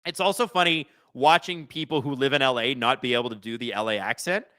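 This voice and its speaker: A man's voice: medium pitch, quick pace. A man hosting a live watch-along stream, commenting on the game, joking and reading out viewers' chat messages. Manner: excitable, joking, chats with viewers.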